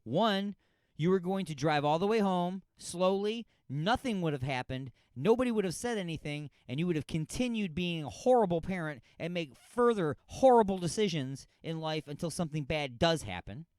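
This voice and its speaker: A man's voice: a little high, animated, moderate pace, a little mellow, clear, resonant tone, no echo. A man hosting a radio talk show, ranting sarcastically and scolding with exasperation about a news story.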